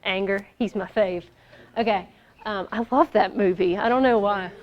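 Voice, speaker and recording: A woman's voice: mid-range voice, moderate pace. A woman giving a casual business workshop, upbeat, lighthearted and conversational. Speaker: workshop presenter. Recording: dull lo-fi recording.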